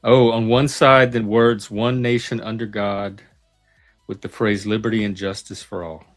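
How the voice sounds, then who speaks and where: A man casually reacting to news items on a live stream, musing out loud as he goes. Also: on the low side, flat delivery, measured pace, soft background music. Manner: musing aloud, thinking out loud.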